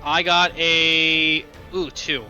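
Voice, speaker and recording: A man's voice: on the high side, little pitch movement, very slow, bright, forceful tone, faint music behind. A man joking offhandedly as a player in a tabletop game. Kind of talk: casual chat.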